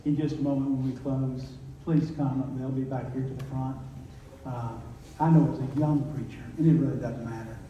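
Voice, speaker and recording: A man's voice: mid-range voice, steady tone, normal speed, dark tone, muffled recording, slight background noise. A man with a Southern accent, a pastor speaking plainly and encouragingly to his church. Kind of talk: sermon and church announcements. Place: church sanctuary. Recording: echoey church, distant mic.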